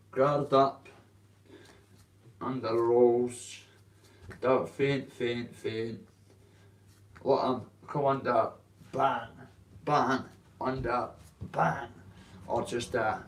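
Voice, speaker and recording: A man's voice: medium pitch, distant mic. A man with a Dundee Scottish accent, ranting to camera about his boxing, in a coarse, rambling way with plenty of swearing. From Dundee, Scotland. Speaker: boxer telling his story. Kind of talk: casual rant to camera.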